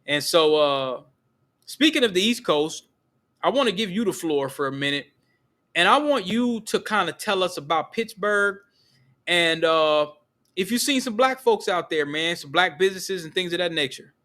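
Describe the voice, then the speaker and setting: An easygoing man hosts a podcast, talking in loose slang and asking his guest curious questions. His voice is a touch high and very bright, with a forceful edge. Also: animated, moderate pace. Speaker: podcast host. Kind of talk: casual chat.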